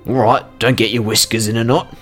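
A man voicing a gruff, rude military frog-man officer in a tabletop game, mocking and bossy. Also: medium pitch, fairly even intonation, a little fast, a bit bright, soft background music, natural voice.

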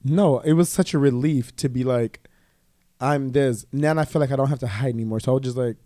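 Man, mid pitch, chatty and crude storyteller, dry close sound. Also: brisk, dry recording. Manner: profane, animated storytelling full of "like" and quoted dialogue. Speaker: guest telling his coming-out story. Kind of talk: casual chat.

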